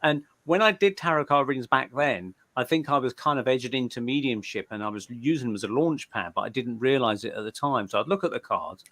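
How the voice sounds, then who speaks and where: A man's voice: medium pitch, lively intonation, brisk, hardly any pauses, a bit bright. A man, a guest medium, chatting in a live interview, telling stories loosely and often repeating words as he starts a sentence. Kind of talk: casual storytelling in a live interview.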